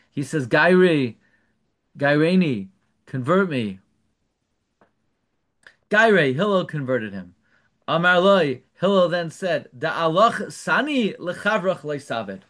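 A man's voice: fairly high pitch, big pitch swings, unhurried, fairly bright tone. A man giving a Torah lecture, translating Hebrew phrases and firing off rhetorical questions. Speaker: rabbi teaching Torah class.

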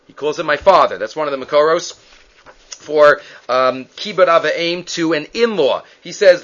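Male teacher giving a Bible lesson, bright voice, lively retelling that plays out the speakers, muffled lo-fi recording. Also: fairly high pitch, fairly quick. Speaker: Torah teacher. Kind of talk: Bible class lecture. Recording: dull lo-fi recording.

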